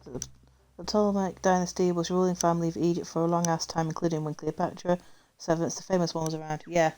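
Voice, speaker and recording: A woman's voice: fairly low pitch, flat delivery, quick pace, warm tone, slight background noise. A young woman streaming a game, chatting casually in a rambling way and often correcting herself. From United Kingdom. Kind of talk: casual chat while gaming.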